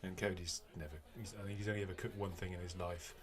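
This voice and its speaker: A man's voice: low voice, fast talker. A middle-aged man hosting a podcast, talking casually with frequent fillers. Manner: relaxed, chatty, with frequent fillers. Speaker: podcast co-host.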